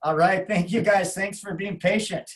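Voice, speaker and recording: Man, 50s, podcast guest, martial arts coach, rambling storyteller, acts out quotes, higher voice. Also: fairly even intonation, moderate pace, poor audio. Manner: rambling anecdotes full of restarts, acting out other people's lines. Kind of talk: casual storytelling.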